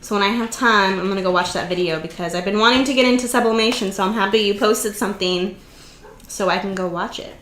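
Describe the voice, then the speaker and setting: A woman's voice: mid-range voice, fast, fairly bright tone, a little hiss or hum. Chatty woman hosting a live stream. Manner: chatty, greets viewers by name, laughs easily. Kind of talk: casual live stream chat. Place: home craft room. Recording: roomy echo.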